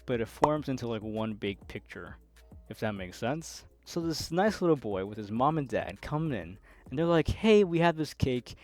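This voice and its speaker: A man's voice: medium pitch, darkish tone. A twenty-one-year-old man telling his work stories in a chatty, exasperated way, with lots of fillers. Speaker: storyteller. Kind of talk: storytime narration over gameplay.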